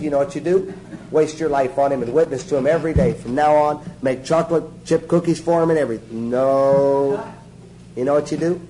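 A man's voice: a little high, mellow, slight background noise, poor audio. A man giving a sermon-style teaching to a small group, emphatic and joking, repeating his instructions.

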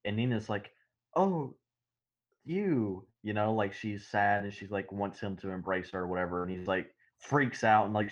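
A man co-hosting a podcast, rambling through an animated, laughing retelling in casual chat. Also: fairly low pitch, highs cut off. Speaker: podcast co-host.

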